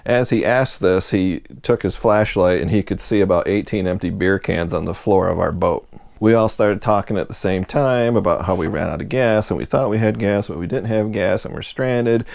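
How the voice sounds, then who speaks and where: A man from Michigan telling a personal story in a relaxed, self-deprecating way, chuckling at himself now and then. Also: sits low, normal speed, creaky, dry recording.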